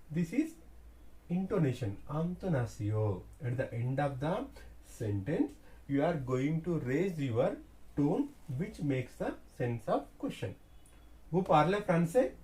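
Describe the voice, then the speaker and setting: A man teaching French in a slow classroom explanation, repeating key words deliberately. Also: a little high, dark tone.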